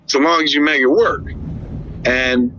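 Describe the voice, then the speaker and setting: Animated man in his fifties, bright voice. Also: on the high side, a little hiss or hum. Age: 50s. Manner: animated storyteller, acts out dialogue with quick voice shifts. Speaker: podcast co-host. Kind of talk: casual chat.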